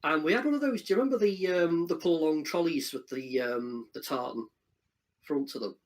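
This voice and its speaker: A man in his forties, a guest on a stream, relaxed and reminiscing with the odd um. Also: a little high, brisk. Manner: nostalgic storytelling, relaxed, with ums. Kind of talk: casual reminiscing chat.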